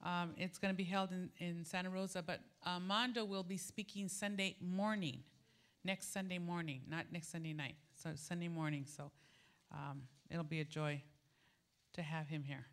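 A middle-aged woman pastor telling a personal story to her congregation in a casual, animated sermon, laughing as she goes. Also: on the low side, moderate pace. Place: church sanctuary.

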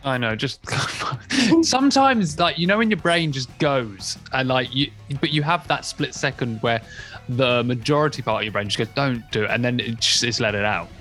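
Guy cohosting a chatty podcast, laughs a lot, mid-pitched, bit of music faint behind. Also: animated, moderate pace, a bit bright. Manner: jokey, laughs often, self-deprecating. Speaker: podcast co-host. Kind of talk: casual chat.

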